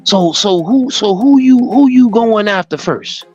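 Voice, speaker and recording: A man's voice: high voice, unhurried, breathy edge, muffled recording. Guy livestreaming, reads stuff out then goes off cussing, voice jumps all over, bit of music under it. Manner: animated, profane, reads a text aloud and riffs on it. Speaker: livestream host. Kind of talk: casual commentary reading aloud.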